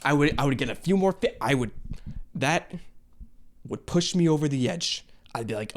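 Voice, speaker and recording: A man hosting a reaction video, talking casually and animatedly, swearing freely, stammering and restarting, and jumping into a high, excited pitch when something surprises him. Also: moderate pace.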